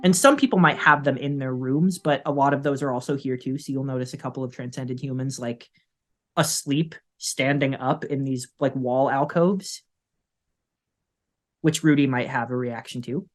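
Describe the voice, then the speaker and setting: A man's voice: mid-range voice, fairly even intonation, moderate pace. A man narrating as game master of a tabletop game, rambling with many fillers. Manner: rambling, full of "like" and "uh".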